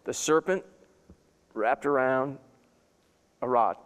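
A man's voice: medium pitch, slow pace, smooth, long reverb tail. A man preaching a sermon as pastor, reading scripture and breaking into folksy, chatty asides.

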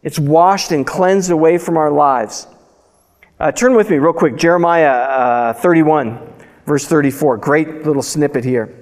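Male preacher with a fairly high voice, alternating scripture reading and casual commentary, recorded in a reverberant church hall. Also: a little slow, darkish tone. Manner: reads scripture aloud and breaks in with loose, conversational asides. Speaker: pastor. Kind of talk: sermon.

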